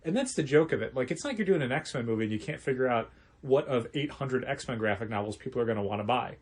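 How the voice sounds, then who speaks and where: A man's voice: mid-range voice, animated, quick pace. A man in casual chat on a comic shop podcast, with a mid-range voice. He rambles along, circling back and restarting his sentences.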